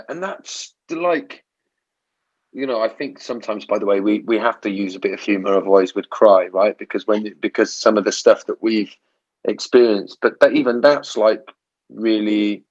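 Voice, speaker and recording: A man's voice: fairly low pitch, dull audio. A man hosting an interview podcast, talking reflectively with frequent restarts and "right?" tag questions. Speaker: podcast host. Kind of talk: casual interview chat.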